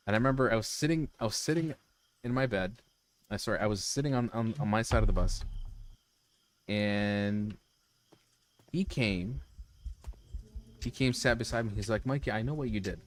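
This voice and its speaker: A man streaming from home, telling a personal story to his chat in a casual, animated, profane way, full of restarts. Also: on the low side, moderate pace, pauses often, a little hiss or hum. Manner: animated, profane, lots of restarts and "you know".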